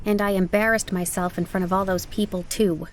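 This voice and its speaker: A woman voicing a spirited, proud teenage witch girl in an audiobook, with a lively, emphatic manner. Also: mid-range voice, brisk, close to an everyday voice. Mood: upset. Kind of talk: audiobook character voice.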